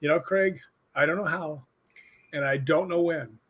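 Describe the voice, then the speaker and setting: Man, husky voice, lively storyteller who acts out the people he quotes, interview guest. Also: on the high side, moderate pace. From United States. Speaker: guest, stunt coordinator and paranormal investigator. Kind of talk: casual anecdote telling.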